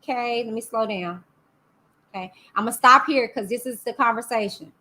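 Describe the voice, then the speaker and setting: Sassy high-voiced woman streamer. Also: moderate pace, sharp tone. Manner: sassy, chatty, talks back to chat. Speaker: YouTube host. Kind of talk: casual live-stream commentary.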